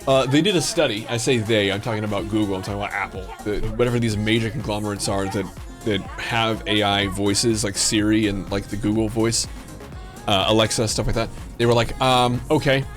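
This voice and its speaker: A man's voice: lowish voice, fairly even intonation, brisk, over music. A man hosting a livestream, chatting casually with viewers in a playful, jokey way. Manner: playful, jokey, breaks into silly sung bits. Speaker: livestream host.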